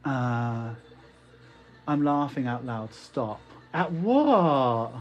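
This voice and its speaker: A man's voice: mid-range voice, lively intonation, drawn-out words, dull audio. A man with a West Country accent chatting casually on a live stream as an online shop owner, reading viewer comments aloud and laughing often. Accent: West Country English.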